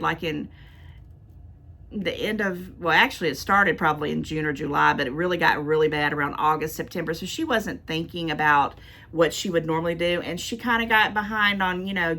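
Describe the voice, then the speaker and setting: A woman's voice: lowish voice, pushed and bright. An older woman and grandmother, vlogging as she opens gifts and chats, gushing and thankful, repeating her thanks and going close to tears. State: near tears. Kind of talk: casual chatty unboxing.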